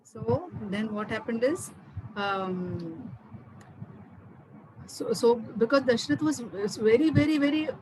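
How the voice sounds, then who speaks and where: A woman telling a story to an online class over a video call, animated and often repeating words. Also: a little high, slight background noise, rough recording.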